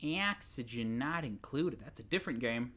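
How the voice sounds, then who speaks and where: An excitable let's play gamer chatters along as they play, talking to themself and getting exasperated. Their voice sits at a middling pitch. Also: normal speed. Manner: talks to self, excitable, exasperated. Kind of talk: casual game commentary.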